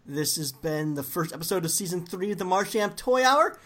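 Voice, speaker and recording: A man hosting a casual podcast chat about toys, playful and quick to laugh. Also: high voice, expressive, fairly bright tone. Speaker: podcast host.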